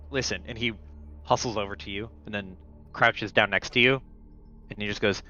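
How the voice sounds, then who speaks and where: A man's voice: on the low side, steady tone, moderate pace, pauses often, bright, forceful tone, lo-fi sound. A man narrating a tabletop game as game master, casually and with many fillers.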